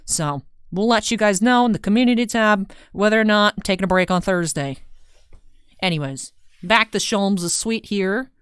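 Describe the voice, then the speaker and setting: A woman's voice: mid-range voice, moderate pace, clean tone, dry recording, studio quality. A young woman hosting a game playthrough, chatting in a rambling, self-deprecating way. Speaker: let's play host. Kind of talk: casual gaming commentary.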